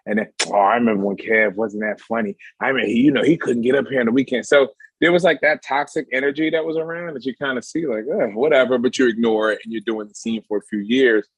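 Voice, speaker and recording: A man with a voice of middling pitch tells stories as a comedy guest. His talk is loose and he keeps checking in with the listener. He is recorded dry and up close. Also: fairly even intonation, fast, hardly any pauses, husky, no echo. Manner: loose, keeps asking "you know what I mean". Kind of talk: casual storytelling.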